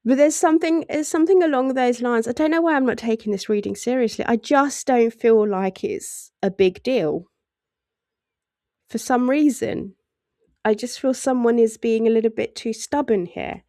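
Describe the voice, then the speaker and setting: A woman's voice: on the high side, normal speed, dark tone, no echo, studio quality. Chatty woman reading tarot. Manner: chatty, laughs often, acts out voices in asides. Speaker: tarot reader.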